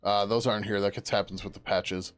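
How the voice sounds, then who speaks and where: A man with a fairly low voice talks half to himself while coding live, muttering and letting phrases trail off, with the odd casual curse. Faint music plays behind him, and keys clatter now and then. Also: fairly even intonation, a little fast, clear, resonant tone. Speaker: software developer streaming his work. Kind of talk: live coding, thinking aloud.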